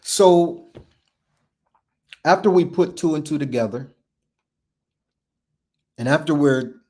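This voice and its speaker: A man's voice: a little high, a little mellow. Male podcast host, storyteller, emphatic and repetitive delivery with acted-out dialogue. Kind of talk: personal storytelling.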